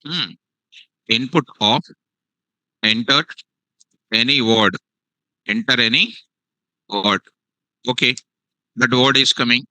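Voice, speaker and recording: A man's voice: medium pitch, pushed and bright, no room sound, low-quality recording. A man teaching a live programming class, repeating phrases and quizzing his students. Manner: repetitive, questioning students, restates phrases. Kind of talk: live classroom coding lesson.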